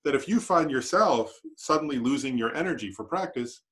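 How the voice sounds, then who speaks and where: A man's voice: mid-range voice, expressive, brisk, a bit bright. A man teaching a Buddhist class at a meditation center in a conversational way, often checking in with "right?". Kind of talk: dharma class lecture.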